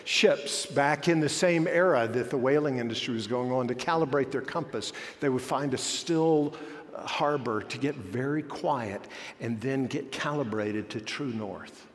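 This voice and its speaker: A man preaches in an easy, conversational way. He pokes fun at himself between points, and his mid-pitched voice rings out in a large, reverberant hall. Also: a little slow. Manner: conversational, self-deprecating, joking. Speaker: pastor. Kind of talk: sermon.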